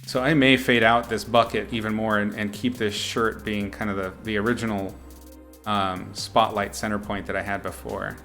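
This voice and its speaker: A young male artist chats through a live painting lesson in a low, relaxed voice. He explains his choices casually, laughs easily and reads out viewers' names. Soft music plays faintly behind him. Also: normal speed. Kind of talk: casual live-stream commentary while painting.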